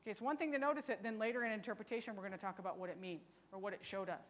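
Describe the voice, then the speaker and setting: A woman's voice: medium pitch, very fast, in a large hall, a little hiss or hum. A woman teaching a Bible study lesson in a chatty, teasing way, often asking rhetorical questions.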